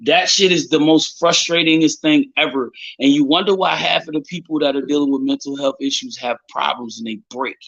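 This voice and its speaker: Man, live chat host, emphatic, swears a lot, a bit high, dull lo-fi sound. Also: a little fast, creaky, few pauses. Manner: animated, profane, emphatic storytelling. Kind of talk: casual live-stream chat.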